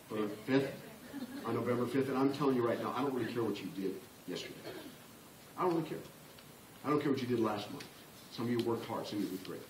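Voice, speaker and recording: A man in his sixties giving a motivational business talk to a large room, impassioned and building to loud emphatic peaks. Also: lowish voice, slight background noise. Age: 60s. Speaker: motivational speaker. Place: large conference room with an audience. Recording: roomy, distant live-hall recording.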